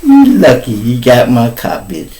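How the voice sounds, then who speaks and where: A middle-aged man with a Chicago accent telling a personal story in a loose, profane way, jumping into high voices for the people in it. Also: measured pace, a little hiss or hum, low-quality recording. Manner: animated, profane, acts out voices in high falsetto. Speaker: storyteller host. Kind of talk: casual live storytelling.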